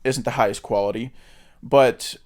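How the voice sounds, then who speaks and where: Speaking at a normal speed with fairly even intonation, a man with a mid-range voice co-hosts a podcast about movies. The conversation is casual and strongly opinionated, peppered with fillers and the odd curse.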